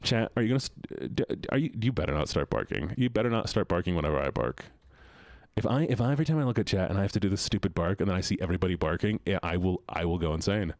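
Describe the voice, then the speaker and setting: A man's voice: deep voice, animated, fast, a little mellow, dry recording, studio quality. A man streaming a game live, chatting casually with his chat, joking and laughing often, at a desk mic at home.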